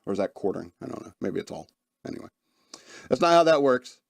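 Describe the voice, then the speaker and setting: A man's voice: mid-range voice, very animated, fast, gravelly, no echo. A man hosting a podcast, talking casually and wryly, rambling and laughing at his own stories. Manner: wry, rambling, laughs often, self-deprecating. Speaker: podcast host. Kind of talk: casual chat.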